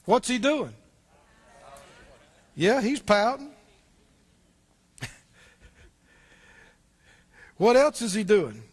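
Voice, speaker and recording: High-voiced man preaching conversationally. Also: very animated, slow pace. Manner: conversational preaching, asks the congregation questions; repeats words when restarting. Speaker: pastor. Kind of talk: sermon.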